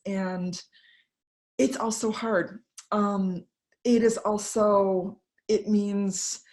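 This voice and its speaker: A woman's voice: mid-range voice, a little mellow. Woman giving a talk from home, conversational and candid, lots of asides, acts out the people she quotes. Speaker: invited speaker. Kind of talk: talk delivered to an online audience.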